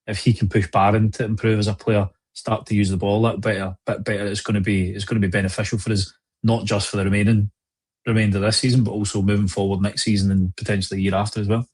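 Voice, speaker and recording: A man hosting a casual football podcast, measured and passing the talk to co-hosts by name. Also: lowish voice, level tone, darkish tone, husky. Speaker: podcast host.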